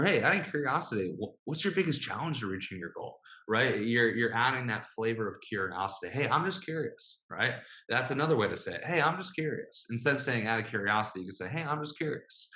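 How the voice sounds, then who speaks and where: An upbeat man coaches listeners through a sales messaging script, and he keeps checking in with a quick "right?". His voice is bright and forward, with a noticeable echo from the room around him. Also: on the low side. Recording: echoey room.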